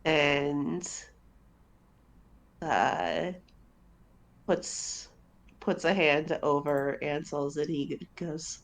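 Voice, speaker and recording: A woman narrates her character's actions in a tabletop game, pausing on fillers as she goes. Her voice is lowish and her pace unhurried. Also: fairly even intonation, creaky. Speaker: player.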